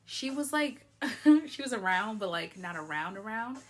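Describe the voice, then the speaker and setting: A woman's voice: fairly high pitch, animated, a little slow, faint music behind. A young woman vlogger casually telling a personal story, chatty and full of "like", a bit tipsy from wine. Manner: chatty, frequent "like", laughs often.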